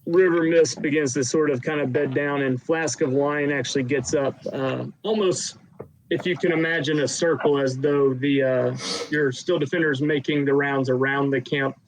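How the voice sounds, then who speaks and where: Guy running a tabletop game, kinda high voice, lots of ums. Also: steady tone, normal speed, slight background noise, poor audio. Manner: rambling, with many fillers and restarts. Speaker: game master.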